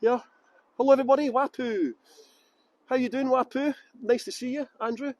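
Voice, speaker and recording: Chatty high-voiced Scottish man. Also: normal speed, darkish tone, no room sound. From Scotland. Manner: chatty, upbeat, greets viewers by name. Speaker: tour guide host. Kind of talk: live virtual tour chat.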